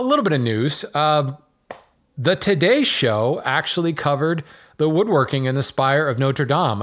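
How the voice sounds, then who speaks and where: A man's voice: mid-range voice, a bit bright. A man hosting his own podcast, talking casually in a chatty, digressive way with plenty of fillers and wry self-deprecating asides. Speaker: podcast host. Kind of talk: casual solo podcast talk.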